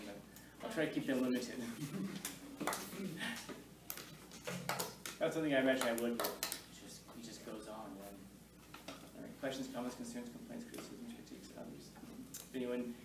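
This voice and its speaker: A man from Los Angeles, a teacher giving a rambling, jokey classroom lecture that acts out the voices he quotes. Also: mid-range voice. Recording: distant echoey classroom with noise.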